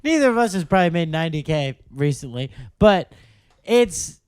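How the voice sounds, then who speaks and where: A man's voice: fairly high pitch, lively intonation, moderate pace, darkish tone, clear, resonant tone, no echo, clean studio sound. A man co-hosting a podcast in casual chat, playful, laughing often and riffing on his co-host's jokes. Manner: playful, laughing, riffs on the joke. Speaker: podcast co-host.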